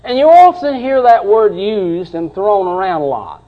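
A middle-aged man preaching a sermon with passion, dropping at times to soft, tender passages. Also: sits high, sing-song, a little slow, hardly any pauses, highs cut off.

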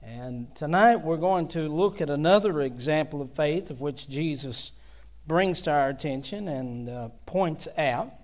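A man delivering a sermon, his voice sitting a bit high for a man. He speaks slowly and deliberately, then climbs into emphatic bursts as he reads scripture. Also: animated, darkish tone. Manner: rising to emphatic bursts when reading scripture. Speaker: preacher.

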